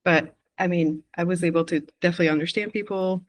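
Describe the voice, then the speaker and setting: A woman from Quebec, Canada, talking as a missionary guest in a casual interview, easygoing and quick to laugh, pausing with "um". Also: lowish voice, fairly even intonation. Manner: easygoing, laughs often, pauses with "um".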